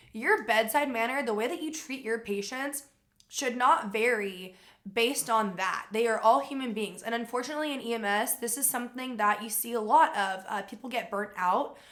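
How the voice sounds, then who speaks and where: A young woman telling a personal story to camera in a casual, animated way, with lots of "like" fillers. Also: fairly high pitch. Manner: animated retelling with frequent "like" fillers.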